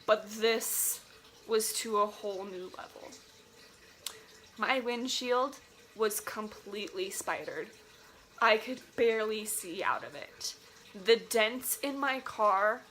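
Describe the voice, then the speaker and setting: Bright-voiced woman telling a dramatic storytime. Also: mid-range voice, a little hiss or hum. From Colorado, USA. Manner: animated, dramatic, says "like" often. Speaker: vlogger. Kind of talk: casual storytime.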